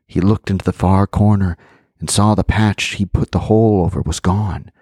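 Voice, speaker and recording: A man with a fairly low voice reading a spooky folk tale aloud, lively in his delivery and breaking off for casual asides. The recording is close and dry. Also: moderate pace, no echo. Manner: animated storytelling with chatty asides. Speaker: podcast host and storyteller.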